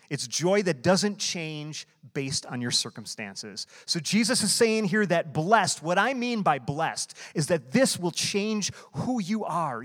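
A man's voice: on the high side, a bit bright. A man preaching a sermon, explaining scripture earnestly and asking rhetorical questions. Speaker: guest preacher. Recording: long hall reverb.

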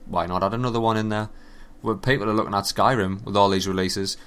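A man giving a casual, animated and profane running commentary on video games. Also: lowish voice, fast talker, clear, resonant tone. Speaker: gaming commentator.

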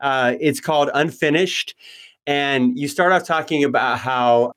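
A man hosting an interview podcast, chatting casually with quick self-deprecating asides. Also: medium pitch, a bit bright. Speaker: podcast host.

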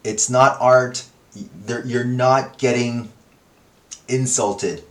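A man's voice: mid-range voice, fairly even intonation, drawn-out words, a bit bright. A man hosting a podcast in a casual, rambling monologue, swearing freely and correcting himself as he goes. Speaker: podcast host. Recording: echoey room.

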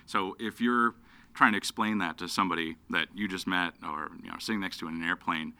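A man interviewing a guest, asking measured questions with some fillers. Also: sits low, pushed and bright.

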